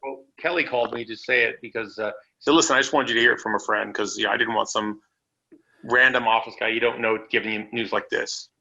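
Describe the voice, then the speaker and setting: This podcast guest talks fast with a creak in his voice, and the audio has its highs cut off. Calling in from home, he casually recounts tales from the road, laid-back and prone to putting on a goofy high-pitched voice.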